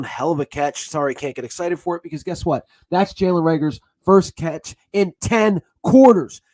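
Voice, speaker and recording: A man ranting angrily as a football fan, swearing and bursting into shouts between sarcastic retellings. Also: a little high. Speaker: sports vlogger. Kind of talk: angry fan rant.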